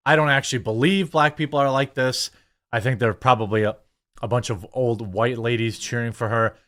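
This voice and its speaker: A man offers casual political commentary in a blunt, sarcastic manner, rambling, breaking off and restarting often, and leaning on "you know" and "I mean." His voice is an ordinary middle pitch, fairly quick and a bit bright.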